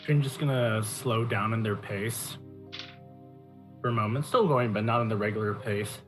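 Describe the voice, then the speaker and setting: Player in character, steady mid voice, faint music. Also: medium pitch, normal speed, poor audio. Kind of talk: in-character tabletop role-play.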